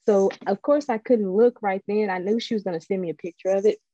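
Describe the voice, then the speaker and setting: A woman in a casual spiritual chat, telling stories in a chatty, animated, digressive way. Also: mid-range voice, fast talker, dry recording, lo-fi sound. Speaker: spiritual guest.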